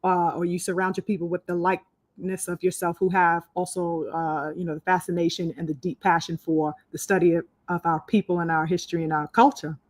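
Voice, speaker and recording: Brisk and level, her lowish voice carries a slightly mellow quality, recorded without echo. She hosts a casual live-stream podcast, chatting with lots of fillers and restarts and welcoming viewers by name.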